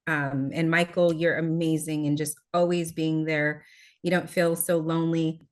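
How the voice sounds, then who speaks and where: A woman's voice: low-pitched, level tone, normal speed. A woman giving a chatty, grateful testimonial on a video call, with plenty of fillers. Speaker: meeting participant. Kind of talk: casual testimonial.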